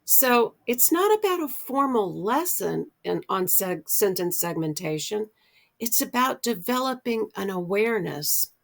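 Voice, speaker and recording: A middle-aged American woman explaining early literacy skills, speaking deliberately and drawing out her example words. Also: mid-range voice, sing-song, creaky. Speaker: literacy educator. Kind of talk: instructional explainer.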